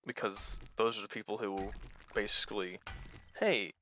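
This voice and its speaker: Man, let's-play commentary, gravelly fry, bright tone, rambling, candid, casual swearing. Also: on the low side, lively intonation, moderate pace, a little hiss or hum. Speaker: small YouTuber playing a game.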